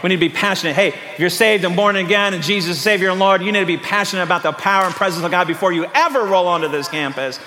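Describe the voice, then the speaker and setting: A man preaching a sermon as pastor, animated and acting out the voices of people in a Bible story, laughing often. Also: high voice, very fast, few pauses, long reverb tail, a little hiss or hum. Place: church sanctuary.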